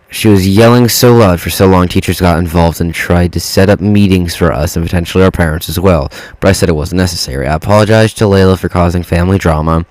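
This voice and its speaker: A man's voice: sits low, darkish tone, no echo, low-quality recording. A man reading Reddit posts aloud in a casual way, stopping to swear and react to the text. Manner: swears freely, reacts to typos mid-read. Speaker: reddit story reader.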